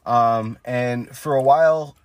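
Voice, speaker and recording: A man's voice: medium pitch, takes it slowly, dry recording. A man co-hosting a casual wrestling podcast, recapping matches blow by blow with many fillers. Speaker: podcast co-host.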